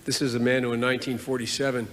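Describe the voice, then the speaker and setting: A man's voice: mid-range voice, level tone, racing, fairly bright tone. A man in his sixties delivering a formal eulogy as a senator, earnest and building his points with repeated phrases. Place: large funeral hall. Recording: long hall reverb, faint noise.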